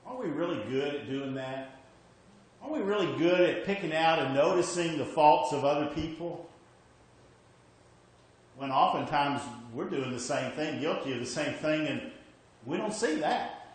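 Emphatic preacher in a very echoey hall. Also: male voice, on the high side, expressive, normal speed. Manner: emphatic, repeats questions and frequent "okay?" checks. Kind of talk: sermon. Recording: very echoey hall with faint ambience.

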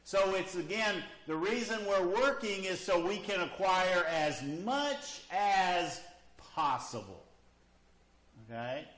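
High-voiced man preaching in an echoey hall. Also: expressive, takes it slowly, fairly bright tone. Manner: repeats "okay?" to check in with listeners. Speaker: pastor. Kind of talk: sermon. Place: church hall with a congregation, also live-streamed.

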